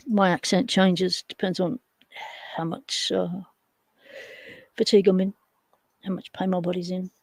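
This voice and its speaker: An Australian woman with a gravelly, fry-edged voice chats casually on a livestream. She rambles and answers viewers while working on hardware with her hands, in a dry, close-sounding setting. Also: on the low side, a little mellow, dry recording, low-quality recording. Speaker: livestream host.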